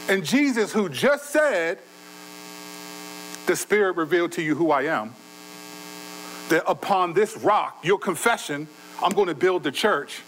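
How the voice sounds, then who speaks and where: A man with a high-pitched voice preaches a sermon in a conversational way. He swings between loud bursts and quiet, low asides. A faint electrical hum sits under the recording. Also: rough recording. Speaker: pastor.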